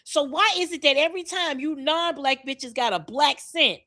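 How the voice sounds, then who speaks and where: Podcast co-host, woman with a Miami accent, high and bright, blunt and profane. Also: moderate pace. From Miami, Florida. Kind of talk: casual podcast rant.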